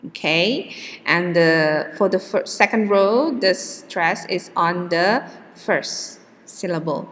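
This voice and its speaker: A woman leads a pronunciation lesson at a very slow, deliberate pace, drawing out each example word so the stressed syllable stands out. Her voice sits in a middle register, and a long reverb trails after her words as if she were in a large, hard-walled room. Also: on the low side, lively intonation, a bit bright. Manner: slow, drawn-out model words with hesitant fillers. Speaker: English teacher.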